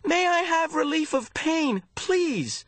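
A man voicing a frightened boy in pain who begs for relief, his voice raised well above his narrating pitch. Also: animated, slow, fairly bright tone, dry recording, full character voice. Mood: begging. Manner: pleading, cries out.

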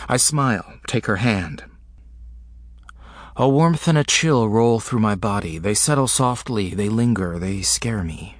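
A man narrating a first-person story in short, halting, intimate fragments. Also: on the low side, expressive, no room sound.

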